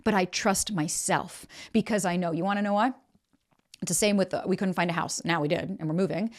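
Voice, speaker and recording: Fast-talking blunt woman podcast host. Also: lowish voice. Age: 30s. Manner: fast, emphatic and blunt, with casual swearing. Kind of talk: candid relationship advice monologue.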